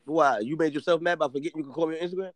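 Give me a fast, high-pitched man co-host ranting and joking. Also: dry recording. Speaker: podcast co-host. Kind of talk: casual banter.

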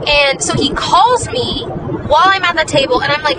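A woman's voice: high-pitched, sing-song, moderate pace, distant mic, over a noisy crowd, heavy background noise. A young woman hosting a podcast, telling a story in a chatty, dramatic, self-deprecating way. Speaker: podcast host. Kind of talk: casual storytelling monologue.

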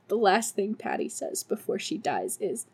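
A woman's voice: mid-range voice, a little mellow, husky. A woman hosting a podcast, recapping a movie casually, laughing often and swearing freely. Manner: giggly, laughs often between sentences. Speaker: podcast host.

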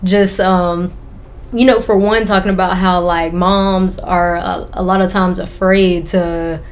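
A woman's voice: fairly low pitch, fairly even intonation, measured pace. Laid-back young woman, casual chat. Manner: laid-back, laughs often, frank with swearing. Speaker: podcast co-host.

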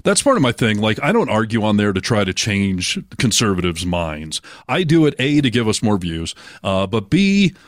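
Opinionated lower-voiced man. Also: very animated, normal speed, few pauses, no echo, clean studio sound. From United States. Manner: opinionated, trails off to a low mumble at the end of points. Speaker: podcast co-host. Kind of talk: casual political chat.

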